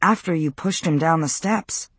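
A reader voicing an anxious teenage girl who pleads with her boyfriend, lifting the voice higher. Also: normal speed, fairly bright tone, husky, dry recording. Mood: defensive.

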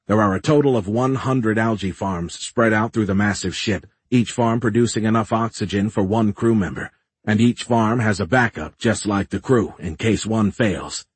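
Brief: male narrator for a first-person sci-fi audiobook, low husky voice, measured and tense. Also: dry recording.

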